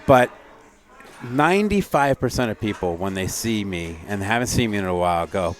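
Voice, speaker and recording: A middle-aged man co-hosting a podcast in casual chat, telling stories in an animated, joking way. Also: lowish voice, moderate pace. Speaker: podcast co-host.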